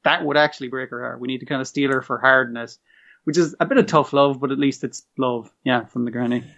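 A man's voice: mid-range voice, steady tone, vocal fry, fairly bright tone. A man chatting casually about a show, swearing freely and acting out the characters' lines. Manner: swears a lot, acts out characters' lines in quick bursts. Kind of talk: casual chat recapping a show. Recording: muffled lo-fi recording.

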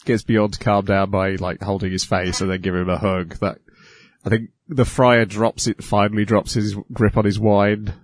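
A man's voice: on the low side, level tone, normal speed. A man co-hosting a podcast, recapping an episode in casual chat, hesitant with many fillers. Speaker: podcast co-host.

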